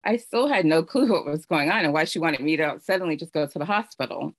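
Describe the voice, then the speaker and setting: Earnest, halting woman telling her story. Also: sits low, expressive, no echo. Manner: earnest, halting, many fillers and restarts; emotional storytelling. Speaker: speaker sharing her story. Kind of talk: personal testimony.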